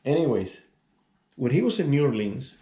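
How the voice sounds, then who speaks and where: A man's voice: medium pitch, very animated, normal speed, dark tone. A man in his sixties telling a personal story in a casual, rambling way, with many asides and restarts. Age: 60s. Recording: echoey room.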